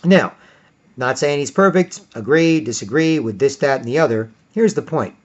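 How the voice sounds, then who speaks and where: A man delivering a rambling monologue, often putting on high mocking voices for other people. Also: lively intonation, moderate pace. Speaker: commentator. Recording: dull lo-fi recording.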